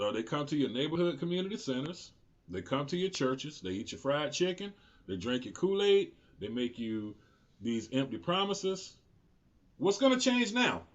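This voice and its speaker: The recording is muffled, carrying a man's voice on the high side. He's in his forties and hosts his own political commentary show, speaking unscripted, heated and profane, and often rising into indignant outbursts.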